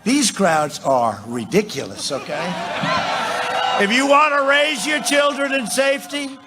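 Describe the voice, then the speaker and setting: A man's voice: very high-pitched, animated, measured pace, very noisy. Man giving a rambling rally speech. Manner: repetitive, rambling with asides, bursts into shouts. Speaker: politician addressing a rally. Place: large rally venue.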